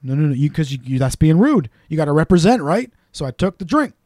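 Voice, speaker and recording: A man with a fairly high, mellow voice tells stories in an easy, animated chat. He sometimes slips into quick voices for the people he describes. The sound is dry and close. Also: dry recording. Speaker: podcast co-host. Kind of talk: casual storytelling chat.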